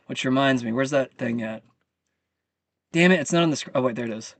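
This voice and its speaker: A man's voice: on the high side, moderate pace, a bit bright, no echo. Fired-up man ranting on his channel. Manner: heated, profane, venting. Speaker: channel host. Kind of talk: live commentary rant.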